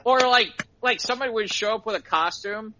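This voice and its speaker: A middle-aged man, a podcast co-host, telling excited stories in casual chat and laughing at them himself. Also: high-pitched, a little fast, highs cut off. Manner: excitable storyteller, laughs at his own stories.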